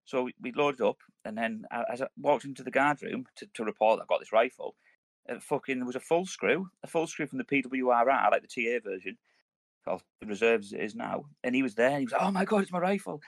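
A man's voice: medium pitch, quick pace, vocal fry, no room sound. A man, an ex-soldier, telling rambling, sweary army stories on a podcast. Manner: rambling, restarts, heavy swearing. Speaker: podcast host, army veteran. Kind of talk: casual swearing banter, war stories.

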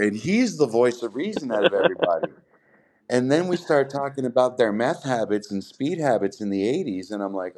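A man hosting a podcast, telling a long profane story in casual, animated chat. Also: medium pitch, fairly quick, noisy background. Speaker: podcast host.

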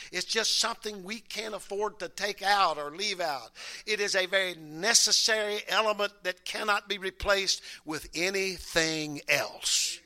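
High, bright-voiced preacher man. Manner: swings from quiet asides to loud shouted praise; folksy, repeats words, calls out amen. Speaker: bishop preaching. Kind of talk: Pentecostal-style sermon.

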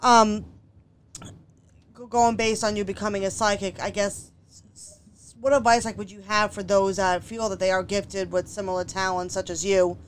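A woman's voice: mid-range voice, flat delivery, moderate pace, a little hiss or hum. A woman hosting a casual interview, asking questions loosely with filler words. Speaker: interview host.

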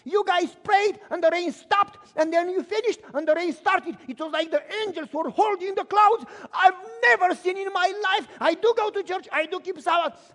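A preacher acting out an excitable old retired male pastor who exclaims and shouts in amazement. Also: very high voice, big-room sound, voice pushed up.

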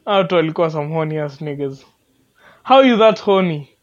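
A podcast co-host with a Kenyan accent, joking and emphatic, switching quickly into Sheng. The voice has a middle pitch, and the recording sounds a little dull and lo-fi. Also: expressive. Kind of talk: casual chat.

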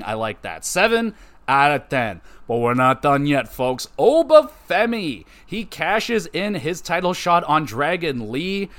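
A man hosting a podcast, giving an offhand, conversational recap of a wrestling show with quick verdicts. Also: mid-range voice, a bit bright. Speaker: podcast host.

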